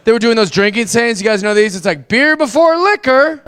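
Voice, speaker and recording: A man's voice: high voice, quick pace, a bit bright. A man doing a stand-up set, telling profane stories brashly and acting out the people in them. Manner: brash, profane storytelling with quoted voices. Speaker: stand-up comedian. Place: comedy club stage. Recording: live club recording with audience noise. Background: audience laughter.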